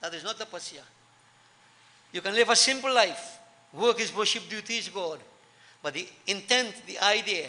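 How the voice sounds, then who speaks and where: A man's voice: high-pitched, lively intonation, moderate pace, long pauses, bright, forceful tone. A man giving a sermon to devotees, earnest, repeating key lines for emphasis. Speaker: preacher. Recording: long hall reverb.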